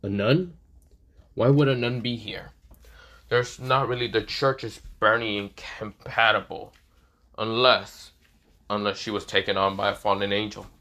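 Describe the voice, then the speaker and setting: A grumpy young male demon-hunting archer, curt and hostile, voiced by a young man telling a fan story. He speaks a little lower and quieter than the narrator's own voice, with a bright tone. It remains an everyday voice rather than a strongly acted one. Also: fairly even intonation, a little slow. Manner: curt, hostile, low and muttered.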